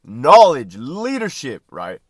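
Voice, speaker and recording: A middle-aged man holds forth in a casual, profane monologue, swearing freely and breaking into laughter often. His voice sits high and swings widely in pitch. The recording is dry and close, with no room sound. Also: huge pitch swings, takes it slowly, dry recording. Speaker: podcast host, former prison guard and army veteran.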